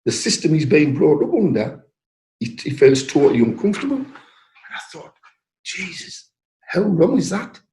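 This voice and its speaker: An older man with a North East English accent, telling a personal story in an interview and lively when acting out quoted voices. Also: on the high side, moderate pace, long pauses. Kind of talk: anecdotal storytelling. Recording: roomy echo.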